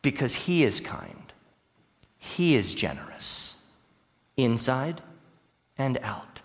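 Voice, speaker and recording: A male pastor preaching a sermon, swinging between hushed lines and emphatic ones. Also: mid-range voice, sing-song, takes it slowly, in a large hall. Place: church sanctuary.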